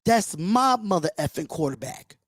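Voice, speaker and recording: Hosting an emotional fan reaction livestream, this man talks at a moderate pace in a high, lively voice, full of passion and bluntness and swearing often. It's a clean studio recording without echo.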